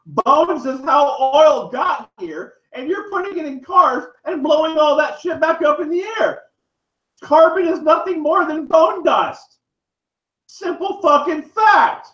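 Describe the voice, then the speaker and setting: His voice is very high and slightly bright as the pained vlogger unloads a profane, meandering tirade directly into the lens. An echoey space and dull lo-fi sound mark the clip.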